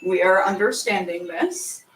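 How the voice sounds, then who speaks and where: A woman pitching her musical in casual chat, breaking into sung and chanted lyrics. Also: unhurried, fairly bright tone, distant mic, a little hiss or hum. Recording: roomy, from off mic.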